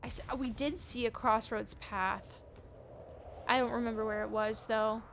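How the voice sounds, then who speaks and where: A woman's voice: on the high side, normal speed, slight background noise. A young woman streaming a game, panicking, swearing and reading game text aloud. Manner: excitable, panicky outbursts and swearing. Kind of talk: casual gameplay commentary.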